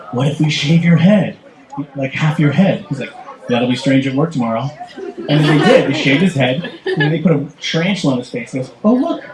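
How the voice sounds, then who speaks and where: A man speaking on a festival panel, telling lively stories and acting out the people in them, often laughing. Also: fairly high pitch. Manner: excitable, acts out voices in anecdotes, laughs often. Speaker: documentary director on a panel. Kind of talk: animated panel storytelling. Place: festival panel stage, indoors. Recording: echoey convention room with crowd noise. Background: audience crowd.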